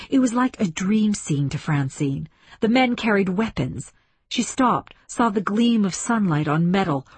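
A woman reading a story aloud as scripted narration, measured and dramatic. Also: lowish voice, husky, no echo. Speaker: audiobook narrator.

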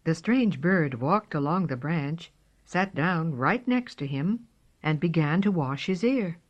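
Woman, storybook read-aloud, lower voice, very slow, lively rise and fall, dull lo-fi recording. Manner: slow, expressive reading.

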